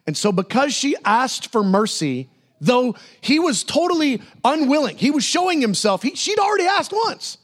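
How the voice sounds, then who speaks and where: A man's voice: very high voice, sing-song, normal speed, fairly bright tone. A man preaching a sermon in a church, acting out Bible figures in casual, playful voices. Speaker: pastor.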